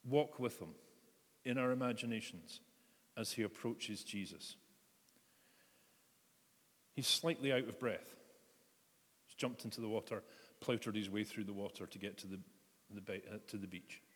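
A man's voice: fairly low pitch, fairly bright tone. A man preaching a reflective sermon, retelling a story and inviting his listeners to picture it. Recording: echoey hall reverb.

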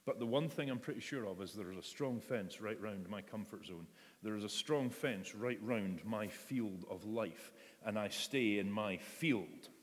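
A man preaches in a conversational way and acts out voices in quotes. His voice sits a little low, and it rings with the long reverb of a large church hall. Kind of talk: sermon.

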